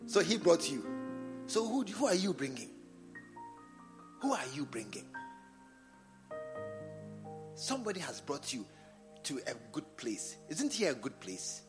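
A man with a Ghanaian English accent preaching a sermon in church, repeating phrases and swinging from quiet talk to loud exhortation. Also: a little high, big pitch swings, moderate pace, long pauses, over music. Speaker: bishop preaching. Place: church service.

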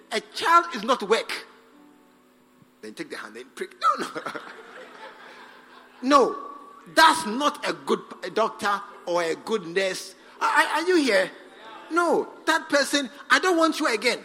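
A man preaching a sermon as pastor, acting out scenes with sudden shouts. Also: very high-pitched, unhurried, pauses often. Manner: animated, acts out scenes, shouts for effect. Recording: long hall reverb with faint music.

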